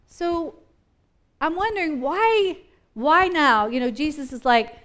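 Teaching a Bible study conversationally, a woman with a high-pitched voice wonders aloud at a moderate pace. She animatedly acts out the scenes and voices she describes, thinking out loud with restarts and questions.

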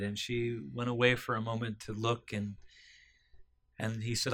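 A man retelling a story aloud, halting often with fillers and restarts. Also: medium pitch, flat delivery, fairly bright tone.

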